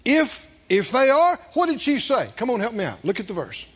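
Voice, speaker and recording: A man preaching a sermon, calling on the congregation to answer, dropping to near whispers and rising to loud peaks. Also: very high-pitched, wildly swooping pitch, normal speed, breathy edge, lo-fi sound. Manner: call-and-response preaching, swinging from hushed to loud. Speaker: pastor.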